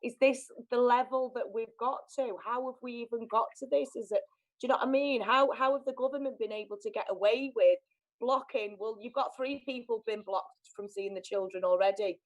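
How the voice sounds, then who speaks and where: A woman with a fairly high voice, co-hosting a live stream. She calls people "love" and speaks warmly, and grows indignant when she talks about the system. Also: fairly quick, low-quality recording. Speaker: show co-host. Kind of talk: casual live-stream chat.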